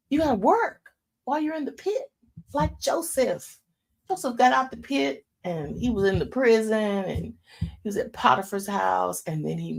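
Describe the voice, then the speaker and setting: A woman in her fifties hosting a faith talk show, preaching in a casual, folksy way and dropping into hushed asides. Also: fairly low pitch, gravelly, slightly rough. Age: 50s.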